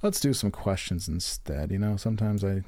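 A man's voice: lowish voice, lively intonation, moderate pace, mellow, a little hiss or hum. A man co-hosting a casual comedy podcast, laughing and swearing as he reads reviews aloud. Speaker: podcast co-host.

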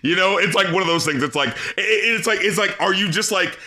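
A man with a bright, slightly raised voice talking loosely on a podcast. He laughs often and slips into mocking impressions while reviewing music. His delivery is animated and informal. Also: high-pitched, brisk. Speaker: podcast co-host. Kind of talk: casual album-review chat.

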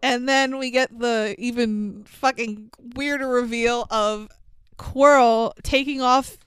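A woman recapping a movie in casual chat, animated, swearing freely and laughing often. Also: a little high, slow pace, clear, resonant tone, no echo.

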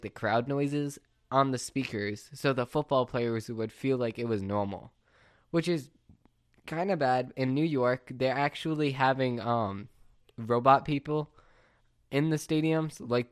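A man's voice: mid-range voice, clean tone, no echo, studio quality. A young man in his late teens hosting a podcast, ranting in an exasperated, casual monologue. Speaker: podcast host.

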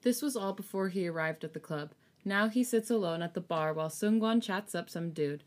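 A woman's voice: fairly low pitch, brisk. Chatty woman co-host reading a story. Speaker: podcast co-host. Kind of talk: casual story reading and chat.

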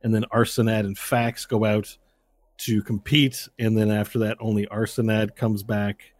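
A man's voice: lowish voice, flat delivery, moderate pace, a little mellow, dry recording. Man narrating as game master. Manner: loose, meandering narration.

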